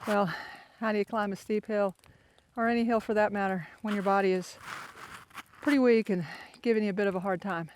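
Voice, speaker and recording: A man's voice: high-pitched, fairly even intonation, fairly quick. Older male hiker vlogger, rambling and self-mocking, recorded outdoors on a phone with faint background noise. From Florida. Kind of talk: casual vlog while hiking. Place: outdoors on a foggy mountain trail. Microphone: handheld phone camera.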